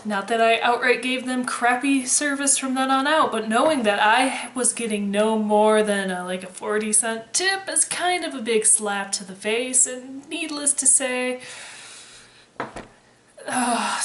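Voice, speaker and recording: A woman's voice: on the high side, unhurried, a bit bright, a little hiss or hum. A woman in her twenties chatting casually to camera, sarcastic and freely swearing with dry humor. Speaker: vlogger, former waitress. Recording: roomy echo.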